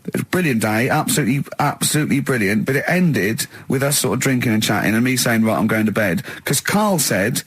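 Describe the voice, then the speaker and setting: A man's voice: mid-range voice, lively intonation, quick pace, hardly any pauses, husky, no echo. Giggly storytelling male radio host. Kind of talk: casual radio chat. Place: radio studio.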